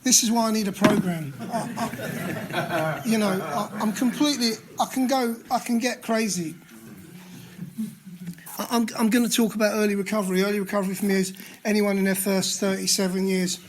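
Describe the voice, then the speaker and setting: In a meeting room with slight background noise, a London-accented Englishman in his sixties gives a personal share at a recovery meeting. His high-pitched voice stays fairly even and moves fairly quickly, and he's frank and self-deprecating, often starting over mid-thought.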